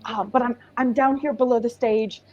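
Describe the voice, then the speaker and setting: A woman's voice: fairly high pitch, fairly even intonation, normal speed, a little mellow, reverberant, highs cut off. A woman playing in a tabletop game, talking hesitantly with lots of fillers and apologies. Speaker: player. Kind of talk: tabletop role-play chat.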